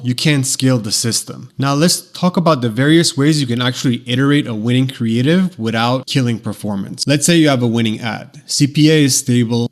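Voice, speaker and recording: A man working as a marketing consultant, delivering a scripted explainer lesson in punchy, clipped declarative phrases. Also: medium pitch. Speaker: paid social marketing consultant.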